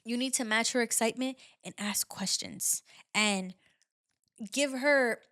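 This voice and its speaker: A woman's voice: on the high side, measured pace, bright, forceful tone, no echo, studio quality. A young woman hosting her own podcast, giving candid relationship advice in a chatty, casual way full of "like" fillers. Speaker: podcast host. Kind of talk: casual solo podcast chat.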